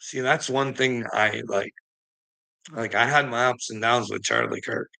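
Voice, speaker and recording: A man's voice: mid-range voice, measured pace, gravelly, sharp tone, low-quality recording. A man ranting bluntly and indignantly in a casual monologue, swearing heavily as he talks to his viewers. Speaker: vlogger.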